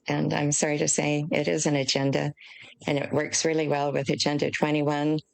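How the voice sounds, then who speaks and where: An older woman from the United States, an author speaking as an interview guest, explaining in an earnest, measured way. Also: sits low, creaky, rough recording. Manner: earnest, emotional at times, measured.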